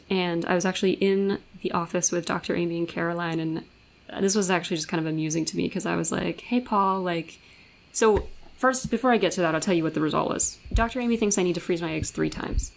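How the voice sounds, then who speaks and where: A woman's voice: on the low side, brisk, vocal fry, poor audio. A young woman co-hosting a podcast, talking frankly and bluntly about a personal experience, swearing freely. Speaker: podcast co-host. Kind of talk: candid personal conversation.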